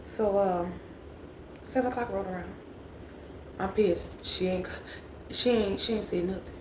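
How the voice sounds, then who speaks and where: A woman's voice: medium pitch, a little slow. A young woman telling a storytime vlog, chatty and talking straight to viewers, repeating phrases for emphasis. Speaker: vlogger. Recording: echoey room with faint background noise.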